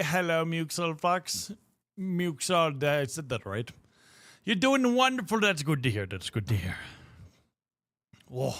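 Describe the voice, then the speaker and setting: Mildly breathless, a young man hosts a casual livestream and playfully talks to his chat. His voice is fairly high with a sharp tone, and there's no echo.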